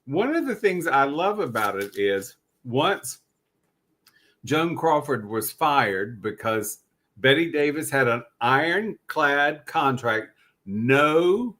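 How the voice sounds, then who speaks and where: A man with a Southern US accent, co-hosting a podcast and telling film stories in a relaxed, campy way. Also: medium pitch, slow. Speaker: podcast co-host. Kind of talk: casual chat.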